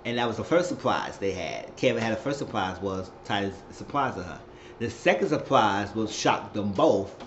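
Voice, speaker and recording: A man giving a casual, slangy recap of a TV episode, retelling scenes with lots of exclamations. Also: fairly low pitch. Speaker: TV show recapper. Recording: roomy, dull recording with faint hiss.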